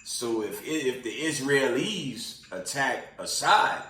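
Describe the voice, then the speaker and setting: A tired man talks through the week's news in a loose, rambling way. He stops often for fillers and restarts, and his voice sits at an ordinary middle pitch. The sound is roomy, and he is set back from the mic. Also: animated, slow pace, sharp tone, recorded from a distance. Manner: rambling, many fillers and restarts, calls listeners "family" and "man". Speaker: host of a news commentary channel. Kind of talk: casual news commentary with prophecy talk.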